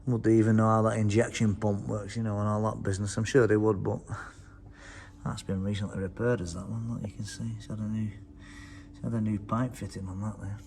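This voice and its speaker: A man's voice: lowish voice, level tone, a little fast, creaky, darkish tone, slight background noise. A man from England casually touring a tractor museum, reading out labels and swearing freely as he chats. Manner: chatty, swears freely, reads labels aloud. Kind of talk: casual walk-around commentary. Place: indoor museum hall. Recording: reverberant hall with faint ambience.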